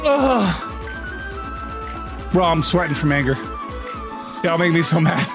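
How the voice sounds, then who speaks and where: A man's voice: on the high side, steady tone, moderate pace, over music. A man live-streaming to his chat in a casual, exasperated way, swearing and laughing a lot. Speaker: VTuber streamer.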